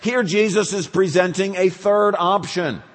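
A male pastor preaching a sermon, animated, acting out questions in quick bursts. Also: high voice. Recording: reverberant church hall.

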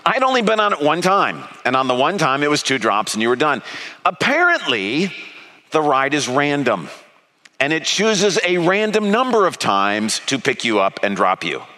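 A man's voice: a little high, big pitch swings, moderate pace, bright, forceful tone. A man giving a sermon in a conversational, storytelling way, earnest and direct. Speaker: preacher. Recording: long reverb of a hall.

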